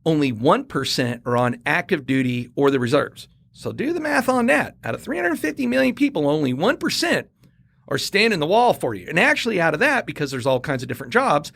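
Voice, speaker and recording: A middle-aged man from the United States, a Marine veteran, telling a story in a casual podcast chat with animated energy and frequent repeated words. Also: a little high, a little fast, creaky, dry recording.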